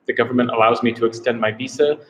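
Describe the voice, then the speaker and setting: A man's voice: mid-range voice, steady tone, quick pace, a bit bright, a little hiss or hum, rough recording. An American man chatting casually on a live stream from a small room, rambling and unsure, often repeating himself. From United States. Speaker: travel vlogger doing a live Q&A.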